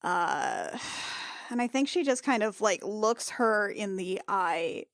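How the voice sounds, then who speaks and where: A woman's voice: medium pitch, big pitch swings, slow pace, vocal fry, fairly bright tone, no room sound, studio quality. A woman playing a tabletop game who talks hesitantly and laughs often. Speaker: player.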